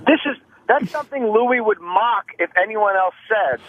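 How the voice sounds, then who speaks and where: A man calling in to a radio show, telling rapid, profane stories and acting out other comedians' lines. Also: sits high, animated, phone-quality sound. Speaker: phone-in comedian guest. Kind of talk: animated phone-in storytelling. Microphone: phone line.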